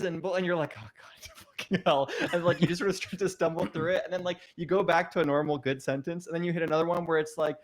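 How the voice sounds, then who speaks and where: A man chatting on a gaming podcast in a relaxed, self-deprecating way. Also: on the high side, quick pace, hardly any pauses. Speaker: podcast guest. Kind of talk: casual chat.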